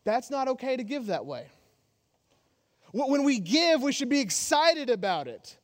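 In a church sanctuary, a male pastor with a very high voice for a man gives an animated, joking sermon at normal speed, pressing his points emphatically. A long hall reverb lingers after his words.

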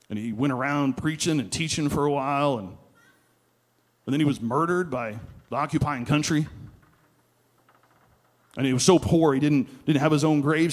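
A man's voice: on the high side, lightly acted. A man voicing a big, burly, skeptical mountain man who questions what he hears, in incredulous tones.

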